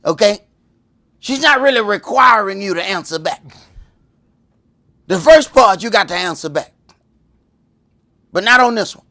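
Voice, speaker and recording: A man teaching a religious class in a lively preaching style, telling stories and acting out voices, swinging from loud to hushed. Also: sits high, measured pace, long pauses. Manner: animated, storytelling, acts out voices, swings from loud to whispered.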